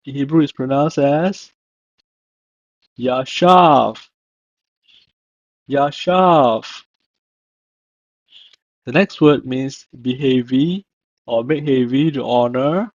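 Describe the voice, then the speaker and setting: A man's voice: mid-range voice, a little slow, dark tone, no room sound. A man narrating a language lesson, saying each word and then repeating it with stress. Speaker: language teacher. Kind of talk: slow scripted lesson narration. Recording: dull lo-fi voice-over.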